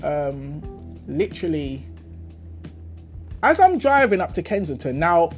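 A man's voice: a little high, measured pace. Young London man, podcast host, slangy and worked-up, voice swinging up and down, faint music underneath. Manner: animated, indignant, heavy slang, rhetorical questions. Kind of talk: solo storytelling rant.

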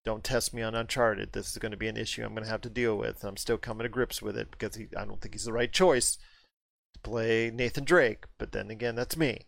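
A man's voice: lowish voice, steady tone, a little fast, gravelly, a bit bright, no room sound. A man hosting a casual movie discussion, emphatic and prone to repeating his point when worked up.

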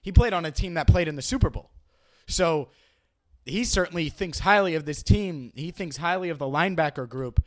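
A man's voice: a little high, moderate pace. A man hosting a sports podcast, analyzing his team and arguing with imagined critics, often repeating himself as he starts a thought. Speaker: podcast host.

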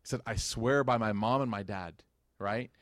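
A young man gives a casual religious lecture to a live audience, telling stories conversationally and acting out quotes with a lifted, rising pitch. He speaks at a moderate pace with a fairly bright tone, and the studio sound is clean with no echo.

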